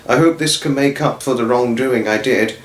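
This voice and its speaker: A man voicing a gentle, polite male pet cat who loves trains, speaking apologetically, in a roomy recording. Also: mid-range voice, moderate pace, lightly acted. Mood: apologetic. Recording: roomy echo.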